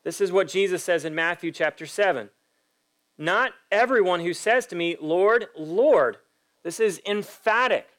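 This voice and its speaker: Male pastor, fairly high voice, emphatic sermon delivery with pointed questions to the congregation. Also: normal speed, a bit bright. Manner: acts out quoted voices in a story.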